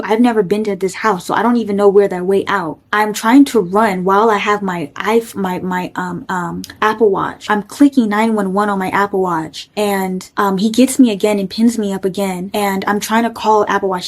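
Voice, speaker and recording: A woman telling a personal story in a casual storytime, chatty and full of fillers, acting out the quoted lines by lifting her voice. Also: mid-range voice. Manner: animated retelling, acts out quotes with raised voice.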